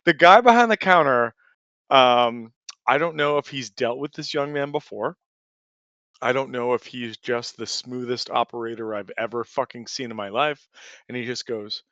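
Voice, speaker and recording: A man's voice: medium pitch, normal speed, a bit bright, no room sound, muffled recording. A man in his forties telling a rambling, profane anecdote in casual chat, full of fillers and restarts. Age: 40s. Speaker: player telling a story.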